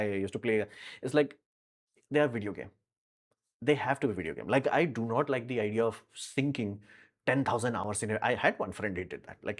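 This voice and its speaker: Rambling man on a live stream. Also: lowish voice. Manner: rambling, filler-heavy, frank and blunt. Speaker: live stream host answering viewer questions. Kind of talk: casual live Q&A chat.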